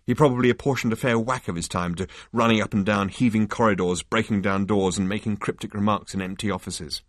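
Low-voiced man reading a book aloud. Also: fairly quick, no echo, clean studio sound. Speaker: audiobook narrator. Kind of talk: scripted narration.

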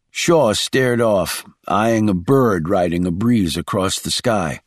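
A man narrating an audiobook thriller as scripted, expressive storytelling. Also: lowish voice, slow, hardly any pauses, no echo, studio quality.

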